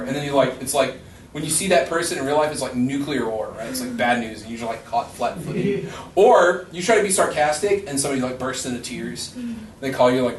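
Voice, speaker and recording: A male rhetoric professor gives a casual, joking lecture, talking fast in a mid-range voice and acting out the voices of people he quotes. The mic sits far away in a roomy lecture hall, picking up echo and faint noise.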